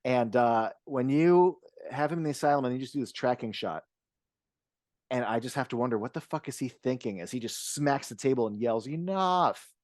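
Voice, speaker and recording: A man's voice: mid-range voice, brisk, a little mellow, no room sound, studio quality. A man co-hosting a podcast, talking through a film casually, with restarts and the odd curse word. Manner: rambling, frequent restarts, casual swearing. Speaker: podcast co-host.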